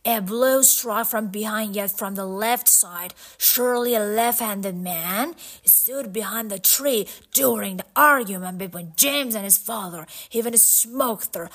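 A woman voicing a shrewd male detective who explains his deductions in a measured, slow way, in a storybook reading. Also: mid-range voice, a bit bright, slightly rough.

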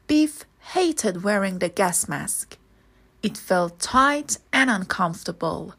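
Woman reading a children's story, slow, breathy, fairly high voice, measured. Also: animated, fairly bright tone. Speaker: storybook reader.

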